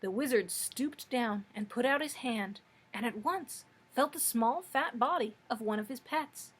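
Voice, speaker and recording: Husky-voiced woman reading a storybook aloud. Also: on the high side, unhurried. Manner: steady, expressive storytelling. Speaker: librarian. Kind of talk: children's book read-aloud.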